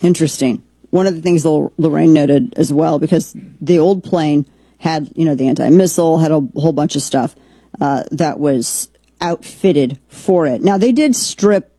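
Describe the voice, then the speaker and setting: A woman's voice: low-pitched, moderate pace, dark tone, breathy edge, dry recording. A woman hosting a political commentary show, opinionated and rambling, with frequent restarts. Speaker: podcast host.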